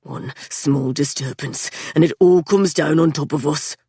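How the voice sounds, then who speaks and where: A stern young man leading a desperate rescue underground, as a woman reader puts him on. His words come out low, clipped and strained, in a voice pitched deep for the reader, dry and close. He sounds like an audiobook hero barking orders. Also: steady tone, moderate pace, a little mellow, breathy edge, no room sound. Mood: tense. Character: stern, desperate young male miner leader.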